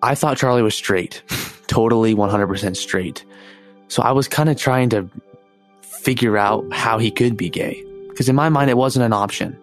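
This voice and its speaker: Young man, casual, reflective, average pitch, faint background music. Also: moderate pace. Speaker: interviewee, the storyteller's brother. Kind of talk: personal storytelling interview.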